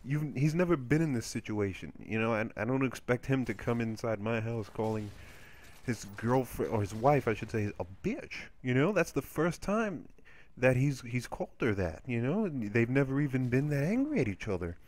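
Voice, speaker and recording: A man's voice: medium pitch, normal speed. Rambling, crude male gameplay commentator. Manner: rambling, crude, animated storytelling. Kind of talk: casual storytelling over gameplay.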